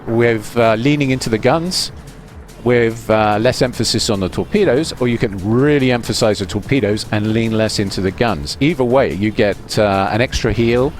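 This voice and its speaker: A man giving relaxed, rambling voice-over commentary on his own gameplay, with fillers and restarts. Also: medium pitch, normal speed, soft background music. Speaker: gaming commentator.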